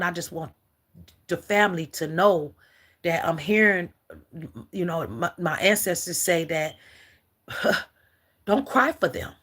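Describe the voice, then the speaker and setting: A middle-aged woman gives an emotional, halting spiritual message on a livestream, often calling her viewers "collective.". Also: deep voice, creaky, fairly bright tone, husky. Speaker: spiritual reader.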